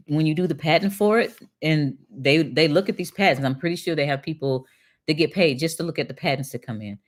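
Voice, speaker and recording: An older woman from Detroit reading political promises aloud to a live chat and answering them with sarcastic, indignant asides. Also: extremely low pitch. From Detroit, USA. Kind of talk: casual livestream commentary.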